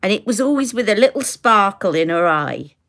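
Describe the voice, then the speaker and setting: A woman's voice: medium pitch, animated, fairly quick, fairly bright tone. A woman from the UK chatting and laughing through tangents on a live makeup stream. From United Kingdom. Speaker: beauty vlogger. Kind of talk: live makeup tutorial chat.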